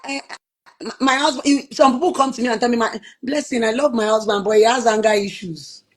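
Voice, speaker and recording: A Nigerian woman speaking as a relationship therapist in an interview, earnest and often quoting soft lines from her partner. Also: fairly high pitch, fairly even intonation, a little fast. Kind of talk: interview conversation.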